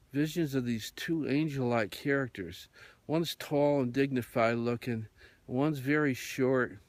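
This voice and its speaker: A man hosting on radio, telling a rambling story in a meandering way with many fillers. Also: mid-range voice. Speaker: radio host.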